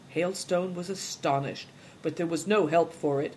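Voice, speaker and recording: An audiobook narrator reading at a steady, measured pace. The delivery is plain and even, moving the story along without fuss. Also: medium pitch, slight background noise.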